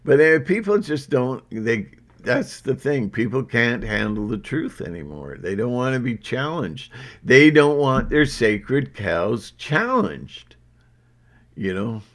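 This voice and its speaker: A man's voice: mid-range voice, very animated, takes it slowly. A man hosting his own channel, talking in a rambling, defiant monologue full of fillers and restarts. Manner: defiant, unfiltered, hesitant with many fillers. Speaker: channel host.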